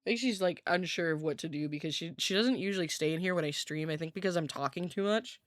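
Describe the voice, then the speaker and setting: A woman's voice: fairly low pitch, fast talker, dry recording, studio quality. A woman streamer in casual chat with viewers, rambling with lots of filler words and laughing often, at home with her cat.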